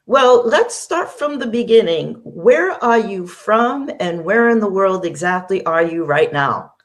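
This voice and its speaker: A woman's voice: mid-range voice, lively intonation, a little slow. A woman hosting an interview show, reading a formal introduction and asking questions. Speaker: show host.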